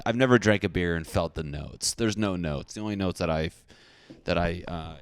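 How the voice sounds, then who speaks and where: A man's voice: low-pitched, clear, resonant tone, no room sound, clean studio sound. A young man hosting a casual podcast, rambling through jokes and rants in a self-deprecating way. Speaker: podcast host. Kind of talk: casual comedic podcast rant.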